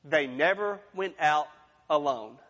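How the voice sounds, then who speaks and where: Bright high-voiced man preaching a sermon. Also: expressive, slow pace, highs cut off. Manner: folksy, conversational preaching with humorous asides. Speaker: pastor. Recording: long reverb of a large room.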